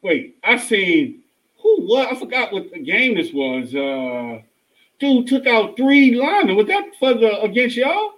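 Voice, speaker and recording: A playful man co-hosting a casual sports talk show. His voice sits high and bounces around a lot, bright and tense in tone. He giggles through much of what he says. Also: sing-song, unhurried, low-quality recording. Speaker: podcast co-host.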